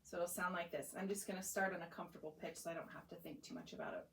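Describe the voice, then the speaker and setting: A woman's voice: lowish voice, very animated, rapid-fire, vocal fry, roomy sound, very noisy. A young woman working as a voice clinician, patiently guiding a client through voice exercises step by step with encouragement. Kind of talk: guiding a voice therapy session. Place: clinic room.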